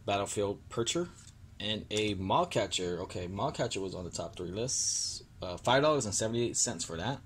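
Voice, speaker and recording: A man's voice: fairly low pitch, expressive, normal speed, slight background noise. A young man hosting a casual card-opening vlog, sounding annoyed and apologetic as he stumbles over card names. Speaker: card-opening video host.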